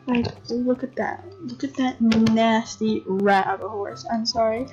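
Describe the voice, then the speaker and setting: Tired young woman rambling over a game, slow and a bit high, swears a lot, muffled lo-fi mic, faint music. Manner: chatty, excitable, swears, bursts into gasps and laughs. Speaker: gamer commentator. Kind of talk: casual game commentary. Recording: dull lo-fi home recording with faint game music.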